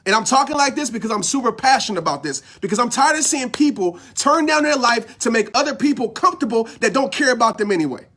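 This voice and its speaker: Fired-up high-voiced male motivational speaker. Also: animated, fast talker, few pauses, fairly bright tone. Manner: fired-up, preachy, repeats phrases for emphasis. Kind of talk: impassioned motivational talk.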